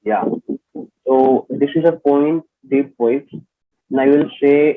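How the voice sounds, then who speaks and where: A man's voice: fairly high pitch, fairly even intonation, takes it slowly. Male instructor on a video call, explanatory, often asks "okay?". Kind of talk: online personality development class. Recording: tinny phone-like online call audio.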